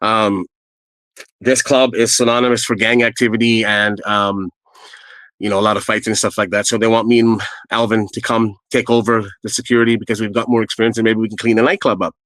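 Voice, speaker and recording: A man's voice: on the low side, little pitch movement, fairly quick, a bit bright, dry recording, rough recording. A middle-aged man telling his own stories in a casual, earnest, rambling way, with plenty of fillers. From Canada. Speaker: storyteller guest. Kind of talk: casual first-person storytelling.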